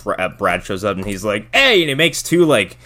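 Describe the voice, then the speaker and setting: A man co-hosting a podcast, chatting about a film in an excitable, jokey way. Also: fairly quick. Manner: excitable and jokey, prone to shrill impressions. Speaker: podcast co-host. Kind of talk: casual movie-recap chat.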